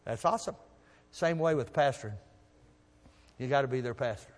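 A man preaching a sermon, telling folksy stories and swinging from soft asides to loud emphasis. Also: medium pitch, moderate pace, long pauses, in a large hall. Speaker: pastor.

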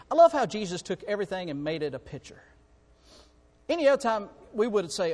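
High-voiced preacher in echoing hall. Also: male voice, animated, a little fast. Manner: impassioned, repetitive, swings from quiet to loud. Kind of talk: sermon.

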